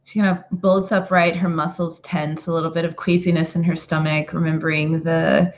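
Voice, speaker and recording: A woman's voice: deep voice, level tone, moderate pace, a little hiss or hum. Chatty woman player, muffled call audio. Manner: chatty, thinking aloud with many fillers. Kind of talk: casual tabletop game talk.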